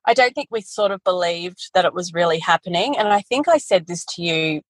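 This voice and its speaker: A woman, a guest telling her business story in a casual interview, animated and quick to laugh. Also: on the low side, no echo, rough recording. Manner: animated storytelling, quotes family in voices, laughs often. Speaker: guest, photography educator.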